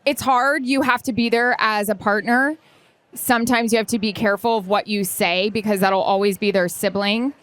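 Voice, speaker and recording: A woman co-hosting a live podcast, giving listener advice in an excitable, energetic way. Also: medium pitch, moderate pace, no echo. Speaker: podcast co-host, sideline reporter. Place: live stage event.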